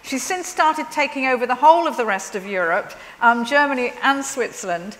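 A woman hosts an onstage interview, chatty and lively in her questions. Her voice sits a little high. The long reverb of a large hall surrounds it. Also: a little fast. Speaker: event host and interviewer. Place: large hall at a live event. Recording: hall reverb from a live stage.

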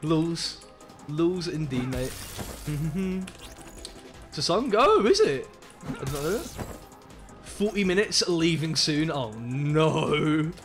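Brief: young Brummie man, game streamer, high bouncy voice, slangy and excitable, hums along often, faint music under him. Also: takes it slowly, pauses often. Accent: Birmingham English. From Birmingham, England. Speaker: live streamer. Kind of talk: casual gaming stream chat.

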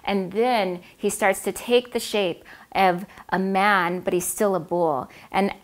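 A woman telling an old myth aloud, with expressive, dramatic emphasis on key moments. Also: medium pitch, slow. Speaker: storyteller. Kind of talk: oral myth storytelling.

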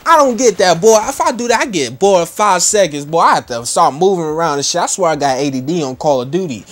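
Teen boy, gaming commentator: high-pitched, swooping delivery, brash and profane, rambling filler-heavy chatter. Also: lively intonation, quick pace. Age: teenager. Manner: brash, profane trash-talking slang; rambling, with lots of "you know" and "boy". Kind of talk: casual gameplay commentary.

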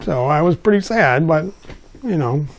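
An older man from the United States, an author, telling a personal story with animated, wry delivery and quiet asides. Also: fairly high pitch, normal speed, a little hiss or hum.

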